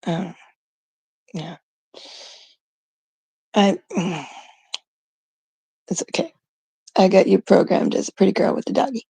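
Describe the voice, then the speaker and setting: Canadian lady rambling on her livestream, super gravelly, slow, giggly. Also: mid-range voice, animated, dark tone, no echo. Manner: rambling, giggly, mock-exasperated retellings. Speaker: live stream host. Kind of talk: casual live stream chat.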